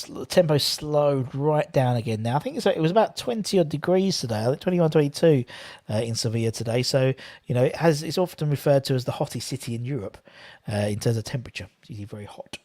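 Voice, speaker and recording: A man with a slightly high, gravelly, darkish voice hosts a live football watchalong, rambling casually as he chats with viewers and comments on the play.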